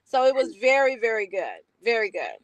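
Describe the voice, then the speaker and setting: A woman's voice: fairly high pitch, very animated, normal speed, no echo, poor audio. A woman client giving an enthusiastic, casual testimonial on a coaching call. She laughs and repeats her phrases.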